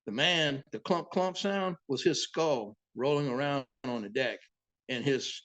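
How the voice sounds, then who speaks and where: A boat captain, a man, telling sea stories in a casual, profane, animated way as an interview guest. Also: medium pitch, measured pace. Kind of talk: casual storytelling.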